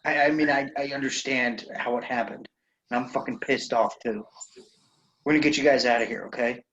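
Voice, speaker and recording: A man's voice: medium pitch, steady tone, a little fast, a bit bright, highs cut off, slight background noise. A man playing a tabletop game in character, blunt and indignant, swearing freely. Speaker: player.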